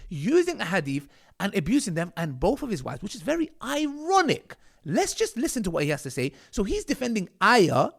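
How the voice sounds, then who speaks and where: A man's voice: high-pitched, huge pitch swings, a little fast, creaky. A man from the UK with a combative, mocking manner, commenting on video clips of his critics. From United Kingdom. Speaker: online commentator.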